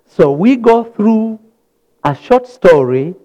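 A man from Africa preaching a sermon in a church, retelling scripture with sudden loud rises and soft drops. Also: sits high, lively intonation, slow pace, dull audio. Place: church hall.

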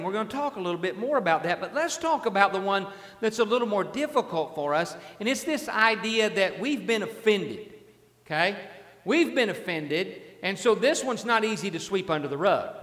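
A man's voice: high voice, fairly bright tone, long reverb tail. A man preaching a sermon as a pastor, in a conversational way, often repeating his words and asking the congregation questions.

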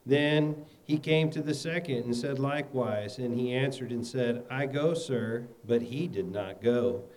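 A man in a church reading a Bible passage aloud, steady with small slips and restarts. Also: medium pitch, measured pace, poor audio. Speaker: scripture reader. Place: church hall.

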